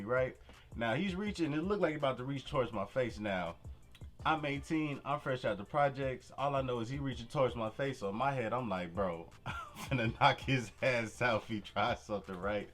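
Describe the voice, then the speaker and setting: A young man casually telling a personal story to camera, full of slang and "you feel me" asides, with faint music behind. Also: medium pitch. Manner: relaxed street slang, frequent "you feel me". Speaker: vlogger.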